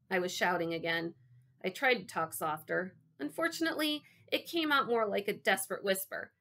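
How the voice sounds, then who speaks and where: A woman reading a children's storybook aloud in first person, wry, dropping to quiet asides. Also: fairly low pitch, expressive, normal speed, gravelly. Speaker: audiobook narrator.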